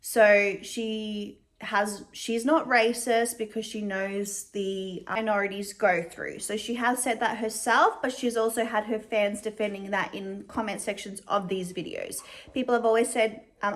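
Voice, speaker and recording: Speaking at a medium pitch, this young woman vlogger offers casual commentary that's talkative but measured and sprinkled with fillers.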